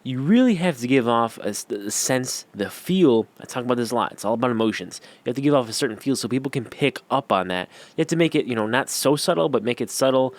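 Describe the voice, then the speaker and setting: A man's voice: medium pitch, animated, quick pace, few pauses. A young man giving a casual on-camera lesson, rambling with lots of fillers and slang. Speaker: YouTube coach. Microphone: camera-facing.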